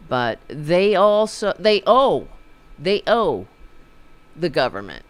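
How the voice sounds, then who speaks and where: Slow, sarcastic male podcast host. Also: a little high, fairly bright tone, smooth. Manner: sarcastic, rambling, mocking. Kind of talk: political commentary monologue.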